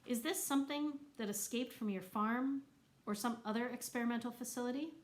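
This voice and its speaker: A woman voicing an old eccentric man who speaks slowly and insistently at a town meeting. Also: fairly high pitch, pitched above the performer's own voice, lightly acted.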